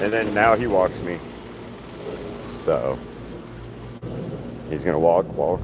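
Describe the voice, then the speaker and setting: A man with a very low voice chats loosely on a livestream, trailing off and restarting as he goes. He is outdoors on grass and talks into a handheld phone, with steady background noise in the recording. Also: slow pace, long pauses. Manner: rambling, chatty, with many restarts. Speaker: artist hosting a livestream. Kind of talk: casual livestream chat. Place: outdoors on grass walking a dog.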